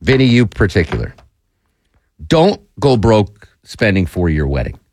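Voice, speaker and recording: A man's voice: on the low side, unhurried, no echo, studio quality. A man in his forties hosting a talk radio show, chatting casually and telling rambling stories with restarts. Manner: animated storyteller, rambling with restarts.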